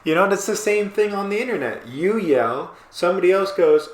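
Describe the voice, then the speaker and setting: A man with a fairly high voice rambles through a casual podcast chat, breaking off and restarting his thoughts as he goes. He sounds animated and talkative. The room around him is echoey. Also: fairly quick. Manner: rambling, animated, self-interrupting. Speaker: podcast co-host. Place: small apartment room.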